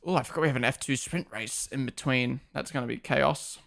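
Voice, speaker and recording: A man's voice: mid-range voice, brisk, gravelly, fairly bright tone. A man hosting a live race watchalong, reacting aloud in casual commentary and greeting chat viewers by name. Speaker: livestream host.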